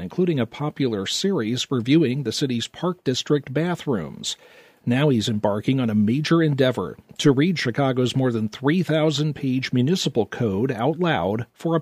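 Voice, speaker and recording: A man news anchor reading a steady scripted introduction. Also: mid-range voice, husky, dry recording.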